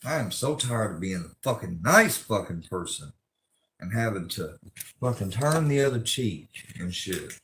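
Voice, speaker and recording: Low-voiced guy cussing up a storm on a livestream, roomy echo, a little hiss. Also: sing-song, unhurried, a bit bright. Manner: angry, profane, rambling rant. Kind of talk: ranting livestream monologue.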